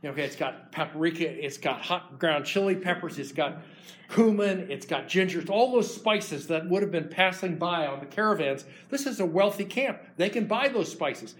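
Animated man telling a sermon story. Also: high-pitched, normal speed. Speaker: preacher.

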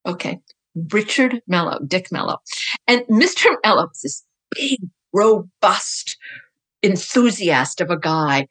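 A middle-aged woman, a writer and teacher, chatting as a guest in an interview, telling lively stories and laughing often. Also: mid-range voice, measured pace, slightly rough. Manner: animated storyteller, laughs often, loose and chatty. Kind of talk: conversational interview.

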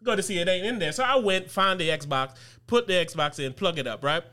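A man co-hosting a podcast, telling an animated, profane story in casual chat and laughing often. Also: high voice, fairly quick. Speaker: podcast co-host.

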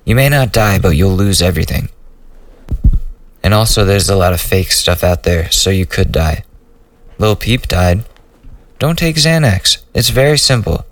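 A man's voice: low voice, lively intonation, unhurried, pauses often, far from the mic. A young man hosting a solo podcast, rambling loosely through a profane personal story in a casual way. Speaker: podcast host.

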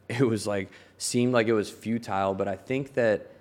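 A young man from Maryland, a tailor and guest, telling animated stories in casual chat, swearing and laughing often. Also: fairly low pitch, measured pace.

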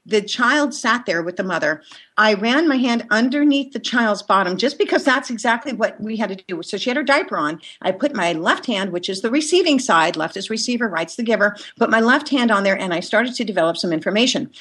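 A woman working as an energy healer, guest in a conversation, telling stories in a lively way with frequent laughter. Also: medium pitch, a little fast. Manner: lively, laughs often, animated storytelling. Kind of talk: storytelling in a conversation.

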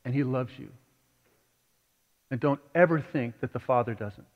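A man's voice: medium pitch, moderate pace. A man preaching a sermon to his congregation, earnest and conversational, building to emphatic points. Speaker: pastor. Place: church sanctuary. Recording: dull recording with long hall reverb.

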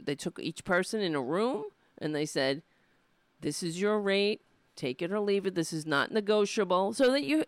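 A woman's voice: mid-range voice, no room sound. A woman ranting to camera, indignant and rambling, with frequent restarts and swearing. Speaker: political vlogger. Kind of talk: casual ranting monologue to camera. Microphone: camera mic.

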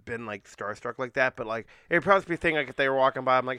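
Fast-talking man with a bright voice. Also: medium pitch, clear, resonant tone, no room sound, studio quality. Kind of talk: casual chat.

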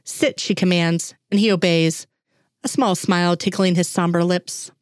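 A woman reads a story aloud in a steady, unhurried way. Her voice sits a little low. The recording is dry, with no room echo. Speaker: reader. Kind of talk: reading fan fiction aloud.

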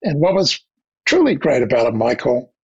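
An older man with an Australian accent, recounting his diplomatic career in a measured, anecdotal interview manner. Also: medium pitch, sing-song, creaky, a little mellow, slightly rough, highs cut off. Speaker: guest, diplomat. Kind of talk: reflective interview storytelling.

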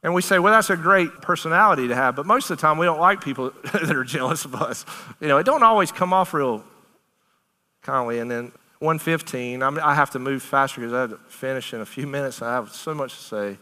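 A man's voice: mid-range voice, fairly quick, long reverb tail. A man preaching a sermon to a congregation, emphatic and conversational, talking in a casual, down-to-earth way. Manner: animated, emphatic, conversational preaching with Southern turns of phrase.

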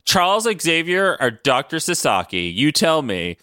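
Man co-host, bright sharp voice, very lively, dry close sound. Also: fairly high pitch, measured pace, dry recording. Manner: animated, laughs often, swears. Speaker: podcast co-host. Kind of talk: casual chat.

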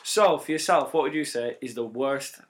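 A man's voice: mid-range voice, normal speed. A man hosting a comedy panel quiz, laughing often and praising answers. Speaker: quiz host.

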